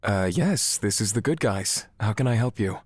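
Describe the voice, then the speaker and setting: A stiff, put-on British phone operator. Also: male voice, fairly low pitch, animated, moderate pace, slightly rough, dry recording, studio quality. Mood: formal. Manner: formal, condescending.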